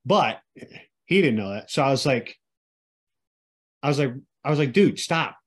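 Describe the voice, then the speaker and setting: Male podcast co-host, husky voice, animated casual storyteller, salty language. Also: mid-range voice, moderate pace. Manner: animated storytelling, lots of swearing, acts out quoted people.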